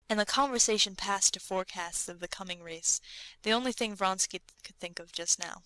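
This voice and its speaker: A woman reads a classic novel aloud in steady, measured narration. Her voice is bright and of middle pitch, recorded dry and close with no room sound. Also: dry recording, low-quality recording. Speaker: audiobook narrator.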